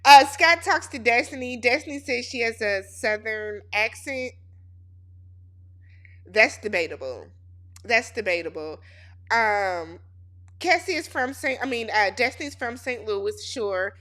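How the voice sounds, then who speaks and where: A woman's voice: a little high, animated, measured pace, fairly bright tone. A woman host giving a casual, sassy and blunt recap of a reality TV episode.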